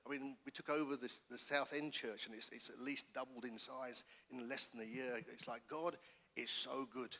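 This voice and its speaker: A middle-aged man from England, a pastor telling his personal testimony in an animated storytelling manner, with frequent restarts. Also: medium pitch. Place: church hall. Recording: reverberant church hall.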